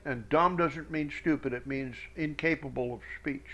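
A man teaching scripture verse by verse, reading each verse slowly with emphasis and adding quick asides. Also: fairly high pitch, fairly bright tone. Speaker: Bible teacher.

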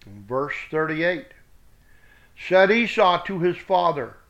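A man reads scripture word by word, calling out reference numbers and dropping in blunt remarks. His voice is high for a man and his pace is slow and deliberate. The recording sounds dull and lo-fi. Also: animated, fairly bright tone. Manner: slow, deliberate reading with blunt spoken asides. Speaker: Bible teacher.

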